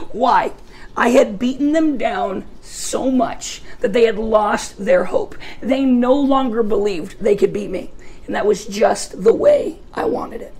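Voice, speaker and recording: A woman with a high-pitched voice giving a sermon as a youth pastor, telling stories with jokes and self-mocking asides. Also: sing-song, slow, darkish tone, breathy edge. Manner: joking, self-mocking storyteller.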